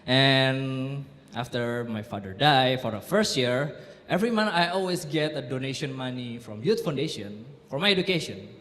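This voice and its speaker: A young man with an Indonesian accent doing a stand-up comedy set, telling dark jokes with deadpan timing. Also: normal speed. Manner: deadpan delivery of dark jokes, lively swings in pitch. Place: comedy club stage before a laughing audience. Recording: roomy club echo with audience laughter.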